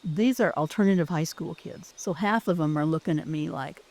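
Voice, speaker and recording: A woman's voice: deep voice, normal speed, hardly any pauses, darkish tone. A woman who used to teach, telling a personal story in an earnest, heartfelt way, often restarting her sentences. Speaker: former teacher.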